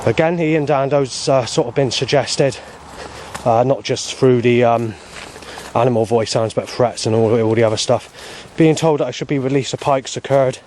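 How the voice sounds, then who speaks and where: A man's voice: mid-range voice, normal speed, a little mellow, a little hiss or hum. A man, rambling in an aggrieved personal monologue, swearing often and restarting his sentences. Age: 40s. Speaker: vlogger.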